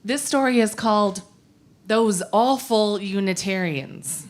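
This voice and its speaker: A woman minister telling a story in a worship service, playful and expressive, with asides to the congregation. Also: mid-range voice, measured pace.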